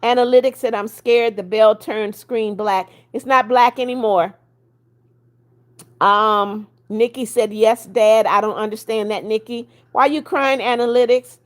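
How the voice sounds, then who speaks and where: A woman in her seventies hosts a live stream, reading comments out and greeting each viewer by name. Her voice sits a little high for a woman, and she talks in a chatty, blunt way that turns scolding when someone annoys her. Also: steady tone, a little slow. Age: 70s. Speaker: livestream host. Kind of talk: casual livestream chat reading comments.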